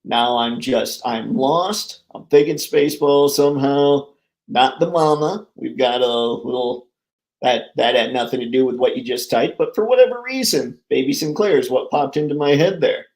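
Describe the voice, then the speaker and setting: A man's voice: mid-range voice, moderate pace, creaky, a little mellow. A man hosting a live stream about toy collecting, talking casually with viewers in an upbeat, jokey way.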